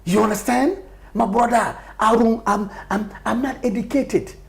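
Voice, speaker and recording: A middle-aged man from Gambia argues his case in a live interview. His voice is gravelly and his delivery emphatic and impassioned. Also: high-pitched, moderate pace. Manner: emphatic, passionate, laughs often. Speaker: party official as guest.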